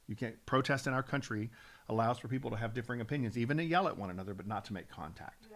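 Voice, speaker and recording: A man's voice: medium pitch, very fast, a bit bright. Earnest man teaching scripture. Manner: earnest, builds up steam, frequent restarts. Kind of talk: Bible teaching on a talk show.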